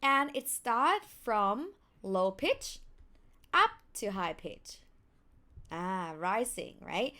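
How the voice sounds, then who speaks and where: A young woman with a Thai accent teaching pronunciation, acting out sounds with big swings in pitch. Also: sing-song, slow pace, sharp tone. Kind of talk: pronunciation lesson.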